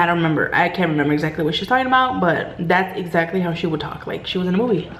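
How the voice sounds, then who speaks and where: A woman's voice: lowish voice, lively intonation, racing, hardly any pauses. A woman vlogger telling a story while eating, chatty and full of filler words. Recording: roomy room, faint background hum.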